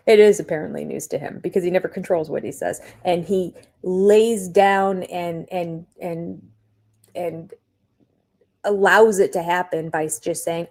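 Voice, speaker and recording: A woman's voice: fairly low pitch, fairly even intonation, unhurried, vocal fry, a little mellow. An older woman hosting a casual live stream, chatty and opinionated, laughing often as she talks from home. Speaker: reality TV review host. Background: cat nearby.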